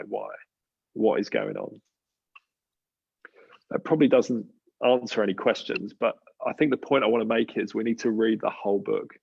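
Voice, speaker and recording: A man's voice: on the low side, vocal fry, husky, highs cut off. A man with an Australian accent hosting a church panel, talking through a passage in a conversational, thoughtful way with many fillers and restarts. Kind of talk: casual talk on a live panel.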